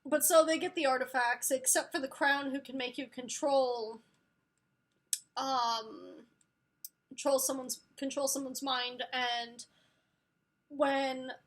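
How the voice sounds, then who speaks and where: A woman's voice: sits high, steady tone, slow, pauses often. A woman giving a casual spoiler book review, gushing and rambling with lots of fillers.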